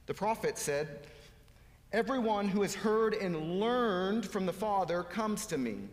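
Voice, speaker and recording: A male pastor preaching a sermon, earnest, letting his voice fall low and soft at the ends of phrases. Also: expressive, a little slow. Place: church sanctuary. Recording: echoey hall with long reverb.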